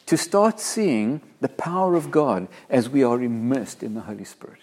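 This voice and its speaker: A man's voice: mid-range voice, big pitch swings, a little mellow. Earnest preaching man from Africa. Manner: earnest, emphatic, slows and swells when quoting scripture. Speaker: pastor. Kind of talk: sermon.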